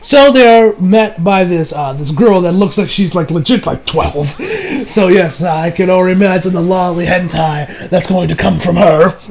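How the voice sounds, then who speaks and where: A man's voice: high voice, a little slow, rough recording. A man casually recapping an anime episode, rambling with many fillers and briefly acting out the characters' lines. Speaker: anime reviewer.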